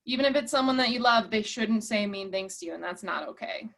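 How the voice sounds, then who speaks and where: A woman's voice: medium pitch, brisk, creaky, fairly bright tone. A woman leading an online workshop, encouraging and reading out participants' chat replies. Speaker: workshop presenter.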